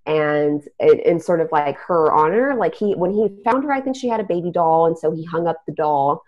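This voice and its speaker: A woman's voice: low voice, lively intonation, normal speed. A young adult woman hosting a podcast, telling a spooky story in casual chat. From Texas. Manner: storytelling, trailing off. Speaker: podcast host. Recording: dull lo-fi recording.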